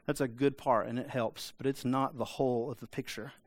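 A man's voice: medium pitch, fairly even intonation, a little fast, dry recording. A man preaching a sermon in a conversational way, often asking the congregation for an amen. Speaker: pastor.

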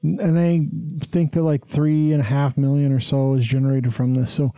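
A man's voice: mid-range voice, little pitch movement, normal speed, warm tone, no room sound. A man hosting a podcast in casual chat, blunt and rambling, swearing freely. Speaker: podcast host.

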